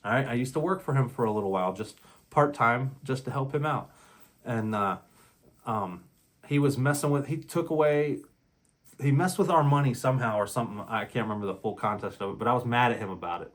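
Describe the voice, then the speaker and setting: A man's voice: mid-range voice, a little fast. A man hosting a relationship talk channel, speaking in a blunt, heated casual monologue and acting out quotes as he tells his story.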